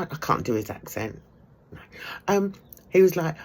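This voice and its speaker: A woman's voice: lowish voice, big pitch swings, moderate pace, long pauses. A middle-aged woman vlogging from her home art room, chatting casually to camera, laughing often and trailing off with ums. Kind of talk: casual gossipy chat to camera.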